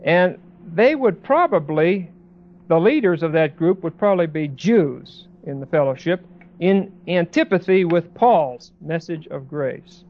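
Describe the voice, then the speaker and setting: A man preaching a Bible sermon in a conversational way, with many pauses and restarts, as a pastor. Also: fairly high pitch, lively intonation, highs cut off.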